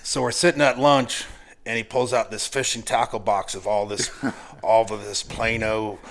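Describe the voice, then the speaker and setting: Laughing through his punchlines, an American man in his forties spins profane, lively stories in relaxed chat as a guest firearms instructor. He speaks in a lowish voice at a moderate pace.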